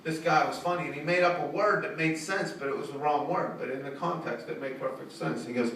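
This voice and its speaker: A man's voice: a little fast, fairly bright tone. A middle-aged man doing a stand-up comedy set, brash and profane, recorded in a small art studio venue. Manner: brash and profane, pitching up for quoted callers. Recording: very echoey room, from a distance, audible noise.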